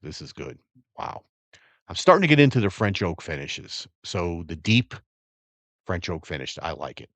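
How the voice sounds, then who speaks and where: Deep-voiced man chatting through a tasting. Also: normal speed, no room sound. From Virginia area, USA. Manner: relaxed, rambling, savoring and reacting to sips. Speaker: bourbon livestream host. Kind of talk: casual live-stream chat.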